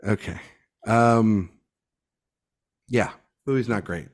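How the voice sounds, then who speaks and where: A man co-hosting a casual film podcast, talking in an animated, halting way with frequent restarts. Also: fairly low pitch. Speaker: podcast co-host.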